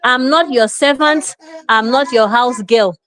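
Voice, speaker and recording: A Nigerian woman lectures with a raised, emphatic delivery. Her voice sits a little high for a woman. She slips into Pidgin and plays out small scenes in quoted voices. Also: measured pace. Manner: forceful, lecturing, mixes in Pidgin. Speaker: show host. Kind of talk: opinionated commentary.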